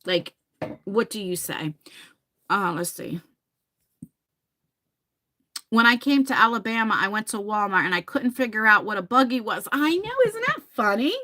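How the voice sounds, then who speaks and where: Lively, chatty Jersey woman. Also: medium pitch, normal speed. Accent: New Jersey. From New Jersey. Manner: rambling and chatty, laughs and swears casually. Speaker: livestream host. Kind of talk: casual chat with viewers.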